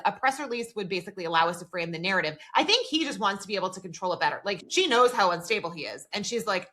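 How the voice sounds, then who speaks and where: A woman's voice: mid-range voice, pushed and bright. A woman co-hosting a podcast in casual chat, retelling scenes and reading out dialogue, with lots of "like" fillers. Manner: frequent "like" fillers. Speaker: podcast co-host.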